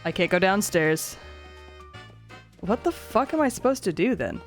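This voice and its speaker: A woman's voice: medium pitch, normal speed. Giggly, foul-mouthed woman streaming a game. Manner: animated, giggly, swears a lot, reads dialogue aloud. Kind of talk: casual let's-play commentary. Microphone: desk mic with webcam. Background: faint game music.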